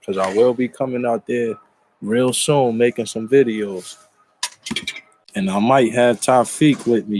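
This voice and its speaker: A man's voice: medium pitch, a little mellow, slight background noise. A man from the Baltimore area delivering a profane, boastful monologue full of slang and combative trash talk. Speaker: online commentator.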